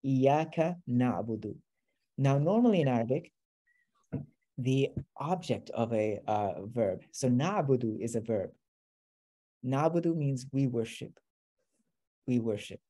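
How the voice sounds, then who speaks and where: A man's voice: mid-range voice, animated, unhurried, long pauses, warm tone. A man teaching a beginner class, explaining patiently step by step. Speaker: Arabic teacher.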